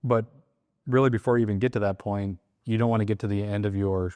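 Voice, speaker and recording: A man with a low-pitched voice explains a sales process in relaxed, casual chat. He slips into short acted-out lines from phone calls with sellers as he goes. The sound is dry and close, with no room echo. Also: fast. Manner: acts out sales call lines in quotes. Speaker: real estate wholesaling coach.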